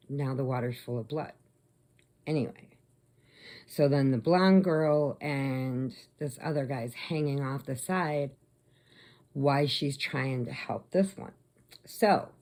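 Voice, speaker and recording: A woman casually retelling a movie plot, chatty, slipping into quick voices for the characters. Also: sits low, dark tone. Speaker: crochet vlogger.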